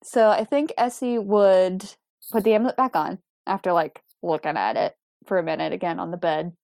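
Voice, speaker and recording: Woman player, relaxed, dry close sound. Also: lowish voice, normal speed, creaky, no room sound. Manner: casual, laid-back, filler-heavy. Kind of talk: tabletop game play.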